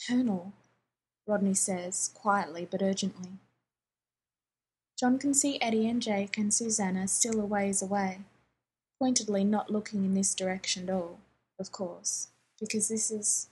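A woman reading fan fiction aloud in a calm, even storytelling manner. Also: mid-range voice, a little hiss or hum, poor audio. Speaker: audiobook reader.

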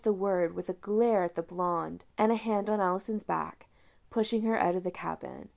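A woman narrating a fanfiction story aloud, with lively storytelling and character voices. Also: lowish voice, normal speed, creaky. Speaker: fanfiction reader. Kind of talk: audiobook narration.

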